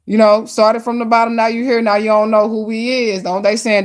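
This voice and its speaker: A woman with a slightly high voice reads tarot cards live for her viewers. Excitable and chatty, she speaks in casual slang and draws words out to stress them.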